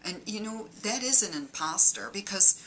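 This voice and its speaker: Slow, bright-voiced Detroit woman. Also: mid-range voice, expressive, a little hiss or hum. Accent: Midwestern, Detroit. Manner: dry, mock-earnest warnings. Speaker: comic monologist. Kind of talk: deadpan comedic monologue.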